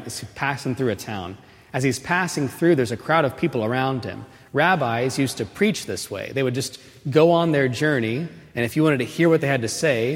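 Man preaching a chatty homily in reverb. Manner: chatty storytelling, frequent "right?" asides; grows louder and higher when stressing a point. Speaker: homilist at Mass. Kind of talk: conversational sermon. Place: church. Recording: long reverb of a church.

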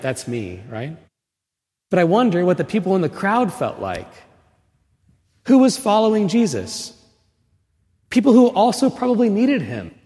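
A man giving a homily at Mass, telling the story casually with lots of "right?" asides and pushing louder and higher when he stresses a point. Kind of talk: conversational sermon. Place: church. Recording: long reverb of a church.

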